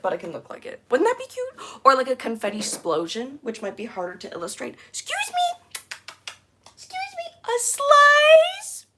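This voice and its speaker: A young woman live streaming while she cleans, chatting casually with giggly, rambling asides and excited squeals. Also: medium pitch. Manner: bubbly, squealing excitedly at new members.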